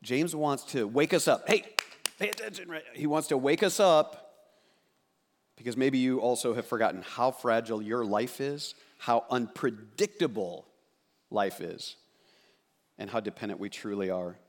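A man's voice: medium pitch, a little slow. A man, the pastor, preaching a sermon to a seated congregation from a church stage, reading scripture and praying in a conversational, emphatic way that repeats words for stress.

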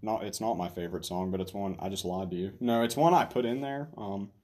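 A man's voice: on the low side, a little fast, darkish tone. A man hosting a casual video, joking and rambling with a friend. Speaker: video host. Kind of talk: casual chat.

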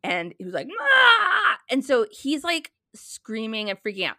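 A woman in her thirties in casual chat, telling a story with lively quoted dialogue. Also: medium pitch, normal speed, dry recording, clean studio sound.

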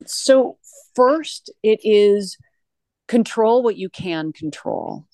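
A woman's voice: mid-range voice, drawn-out words, no room sound. A woman guest talking earnestly in a conversational interview, with frequent restarts. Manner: earnest, animated, with many restarts.

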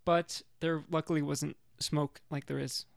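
Young man, higher voice with gravelly fry, dry close sound, rambling self-deprecating teller. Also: little pitch movement, a little slow, dry recording. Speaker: podcast co-host. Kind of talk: casual storytelling chat.

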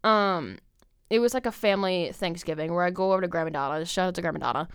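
Young woman rambling, smooth dry voice. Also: on the low side, fast, no echo. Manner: filler-heavy, swears a lot. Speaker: podcast host. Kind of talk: rambling casual monologue.

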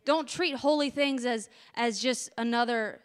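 A woman preaching a sermon in a lively, conversational way, repeating her key phrases for emphasis. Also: fairly high pitch, moderate pace, few pauses, long reverb tail.

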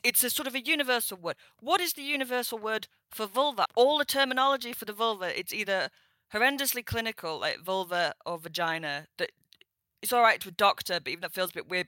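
A woman with a northern English accent, chatting as an interview guest in a lively, playful way. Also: a little high, no room sound. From northern England. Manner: chatty and animated, playful with swear words. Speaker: guest sex historian. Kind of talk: casual interview chat. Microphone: remote call.

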